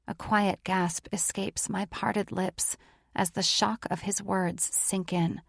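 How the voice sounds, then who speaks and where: Gravelly female audiobook narrator. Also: medium pitch, fairly even intonation, slow pace, no echo, studio quality. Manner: intimate, emotive first-person reading. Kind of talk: first-person romance narration.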